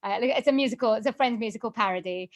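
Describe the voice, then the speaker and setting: A woman chats as a guest on a podcast, her voice sitting a little high for a woman. She talks in an animated, easygoing way, with lots of fillers and frequent laughter. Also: rapid-fire, a little hiss or hum. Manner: chatty and animated, laughs often, many fillers. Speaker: guest, voiceover artist and singer. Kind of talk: casual podcast interview.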